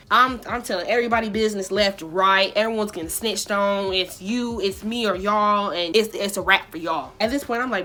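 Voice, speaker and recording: Young woman vlogger, bright and dramatic, talks in slang, working a story for laughs. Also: mid-range voice, moderate pace, few pauses, soft background music. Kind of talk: storytime while getting ready.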